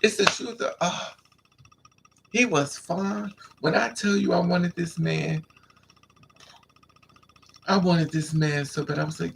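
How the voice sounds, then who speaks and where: Sassy gravelly-voiced man telling stories. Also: fairly high pitch, a little slow, pauses often, fairly bright tone, slight background noise. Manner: flamboyant, sassy, laughs and squeals often. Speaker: live stream host. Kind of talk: casual storytelling to live chat.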